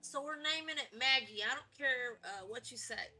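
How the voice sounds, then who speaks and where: A woman streaming a video game with playful, goofy commentary, often dropping to whispers and then jumping to shouts. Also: high-pitched, normal speed. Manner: goofy, theatrical, drops to whispers and jumps to shouts.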